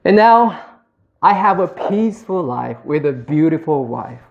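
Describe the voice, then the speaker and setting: A man in his thirties telling a personal story as a speech, slow and heartfelt, acting out the dialogue. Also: a little high, animated, creaky, highs cut off. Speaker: public speaker.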